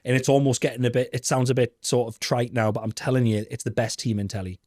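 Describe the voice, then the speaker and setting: An English podcast co-host chatting casually, with quick, blunt banter. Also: male voice, mid-range voice, fairly even intonation, a little mellow, dry recording, clean studio sound.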